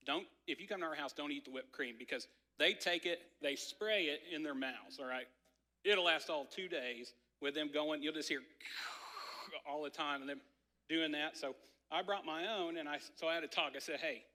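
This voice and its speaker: A pastor in his thirties tells a family story from the pulpit in loose, chatty sermon talk. His voice sits a bit high and sounds bright and forward. The sanctuary gives it a long, lingering reverb. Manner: conversational, many "like" fillers, animated storytelling. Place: church sanctuary. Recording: church hall reverb.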